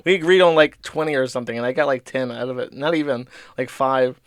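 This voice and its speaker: A man's voice: medium pitch, fairly quick, no echo, studio quality. A man hosting a casual livestream, reading out viewer donations and rambling about them with frequent laughs and swearing. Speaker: livestream host.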